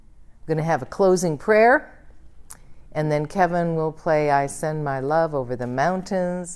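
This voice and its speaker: A woman minister leading a church service, guiding prayer and affirmations in a slow, soothing way. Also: low-pitched, darkish tone, clean tone. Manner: slow, soothing, leads the congregation in call-and-response. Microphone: livestreamed church service.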